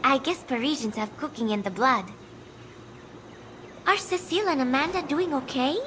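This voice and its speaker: A woman voicing a soft-spoken, kind young woman in a video game, talking in a gentle, earnest way. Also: sits high, moderate pace, a little hiss or hum, low-quality recording. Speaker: game character.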